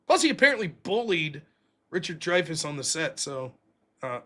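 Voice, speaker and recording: A man's voice: fairly high pitch, moderate pace. A man with a Pittsburgh accent, hosting a live stream and rambling casually with swearing. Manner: rambling, profane, lively. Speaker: livestream host.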